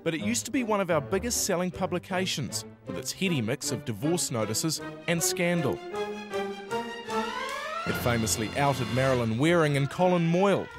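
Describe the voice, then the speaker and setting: A man's voice: a little high, big pitch swings, normal speed. A man giving scripted satirical documentary narration in a wry, ironic way. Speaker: narrator and presenter. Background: music.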